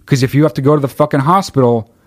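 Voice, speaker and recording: A man on a livestream, venting hard and cursing in nearly every line, his voice jumping into loud shouts. His pitch sits in an ordinary middle range for a man. The sound is dry and close, with no room echo. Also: racing. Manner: heated, swears constantly, bursts of shouting. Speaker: livestreamer reading chat. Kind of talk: profane livestream rant.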